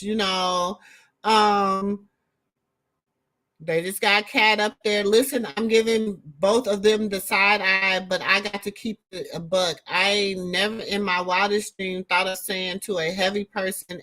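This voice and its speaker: A woman's voice: medium pitch, fairly even intonation, takes it slowly, pushed and bright. A middle-aged woman with a Southern drawl hosts a casual chat, reacting to viewer comments in a rambling, slangy way. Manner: rambling, talks straight to viewers, leans on slang.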